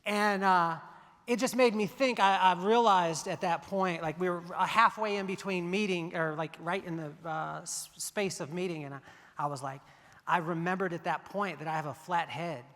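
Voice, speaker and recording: A man's voice: high voice, fairly even intonation, moderate pace, a bit bright. A man giving a motivational keynote speech on stage, telling stories and joking with the audience. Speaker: keynote speaker. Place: large hall on stage. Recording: long hall reverb.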